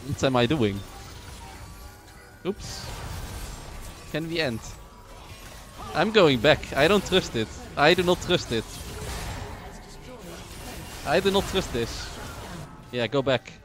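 A man's voice: on the high side, animated, takes it slowly, pauses often, fairly bright tone, soft background music. A man streaming a video game, joking around and repeating his lines in casual commentary. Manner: playful, joking, repeats phrases.

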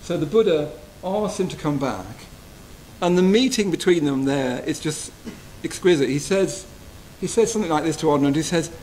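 A man giving a gentle, reflective Buddhist retreat talk, often checking in with his listeners. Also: a little high, lively intonation, moderate pace, slight background noise, low-quality recording. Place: retreat hall.

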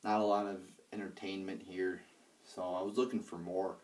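A man's voice: low voice, level tone, moderate pace, darkish tone, distant mic. A young man casually reviewing a wrestling show, rambling and profane, with lots of fillers and restarts. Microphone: handheld iPad.

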